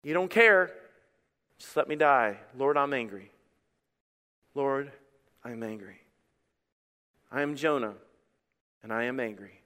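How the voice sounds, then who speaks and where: A man's voice: on the high side, normal speed, fairly bright tone, smooth, natural voice. A man voicing a despairing believer who whines and pleads with God. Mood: bitter. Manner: whiny, pleading. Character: whining despairing believer begging to die.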